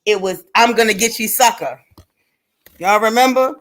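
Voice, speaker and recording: A woman co-hosting a livestream chats casually in a slightly high, somewhat bright voice at normal speed. She's blunt and animated, swearing freely and laughing often.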